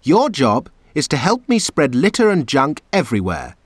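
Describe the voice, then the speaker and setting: A man's voice: on the high side, huge pitch swings, moderate pace, breathy edge, dry recording, clean studio sound, exaggerated voice. A man voicing a bossy, cruel female queen who snaps orders, in a storybook reading. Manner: snappish, commanding.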